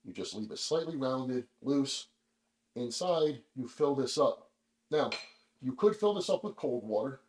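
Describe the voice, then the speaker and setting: A man hosting a casual video, explaining things in a relaxed, chatty way with lots of fillers, speaking in a kitchen. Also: medium pitch, measured pace, reverberant, low-quality recording. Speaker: vlog host. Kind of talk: casual demonstration.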